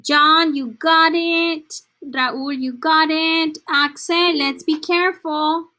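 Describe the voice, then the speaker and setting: Slow, bright-voiced woman teaching a class. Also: high voice, steady tone. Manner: encouraging, praising students by name; slips between English and Spanish. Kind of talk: online class lesson.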